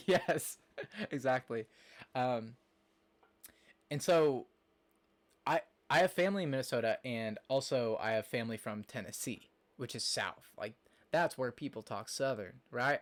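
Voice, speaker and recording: A young adult man from Nebraska, USA, chats loosely with his stream viewers in a casual livestream, rambling along, packing his speech with "like" and "um," and responding to chat as messages come in. His voice is an ordinary middle pitch, and he speaks at a measured pace with long pauses.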